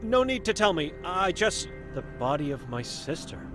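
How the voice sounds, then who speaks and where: An earnest young monk. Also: male voice, on the high side, very animated, moderate pace, over music. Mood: urgent, earnest. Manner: earnest, pressing questions. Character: young male monk searching for his sister.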